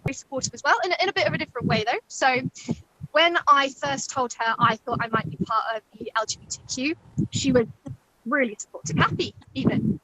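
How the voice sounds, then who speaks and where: Deadpan young woman doing stand-up. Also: sits high, a little fast, rough recording. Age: 20s. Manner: deadpan, mimics others in put-on voices. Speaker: stand-up comedian. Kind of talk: stand-up set over video call. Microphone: video call.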